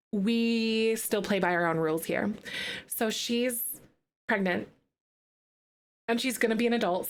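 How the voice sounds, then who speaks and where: A woman streamer commenting on her gameplay live, talking to her viewers in an unhurried way. Her speech is chatty and full of fillers, and her pitch sits in the middle of a woman's range. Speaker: gaming streamer.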